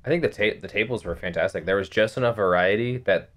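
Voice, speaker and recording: A man's voice: on the low side, fast, a bit bright. A man guest on a gaming podcast, chatting casually and earnestly about playing in a tournament, a little self-deprecating. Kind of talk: casual roundtable chat.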